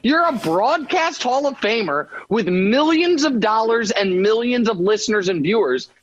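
A man guesting on a sports radio show, trading animated, mock-indignant banter, his voice jumping up when he gets worked up. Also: moderate pace, dull audio. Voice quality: higher voice he calls bad for radio.

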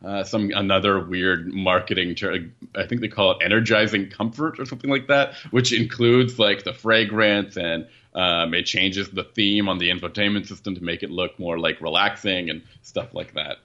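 A man chats casually about a car he reviewed. His voice is bright and forward, and he rambles and backtracks mid-sentence. The recording sounds dull and lo-fi. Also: sits low, steady tone, moderate pace, few pauses. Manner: rambling, self-correcting, laughs at own jokes. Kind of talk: casual podcast chat. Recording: muffled, lo-fi audio.

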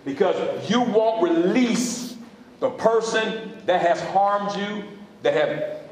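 In a high-pitched voice and at a slow pace, a man delivers a sermon as pastor from a church sanctuary, drawing his congregation into call-and-response with questions. The recording has the echo of a large hall and slight background noise.

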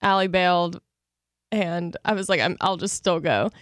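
A woman's voice: fairly low pitch, normal speed, fairly bright tone, dry recording, clean studio sound. Chatty young woman co-hosting a podcast. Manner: chatty and enthusiastic, many filler "like"s. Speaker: podcast co-host. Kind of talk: casual chat.

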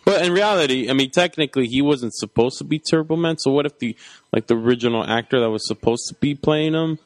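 A man's voice: medium pitch, fast, no echo. A man co-hosting a podcast in casual chat, often hesitating and trailing off. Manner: hesitant, trails off mid-thought. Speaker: podcast co-host.

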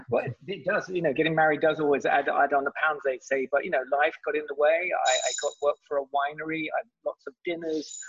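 A man being interviewed, telling his story casually in a halting way, with repeated words and restarts. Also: on the high side, creaky, fairly bright tone, slightly rough. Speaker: guest. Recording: dull muffled audio.

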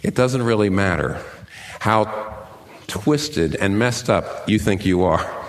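A man preaching a sermon, conversational and emphatic, with pitch that swings up and down as he stresses his points. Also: lively intonation, takes it slowly. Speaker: pastor.

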